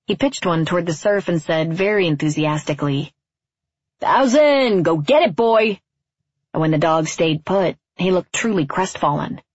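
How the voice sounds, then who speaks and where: A woman reading a literary story aloud as narrator, in a quiet, measured, wistful way, on a dull, dry recording. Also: low-pitched, fairly even intonation, husky, no room sound.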